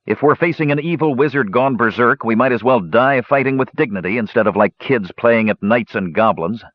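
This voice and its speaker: A man's voice: medium pitch, fairly quick, no echo, muffled recording, natural voice. A man doing a blunt grumbling young fighter. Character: blunt impatient young man, eldest brother.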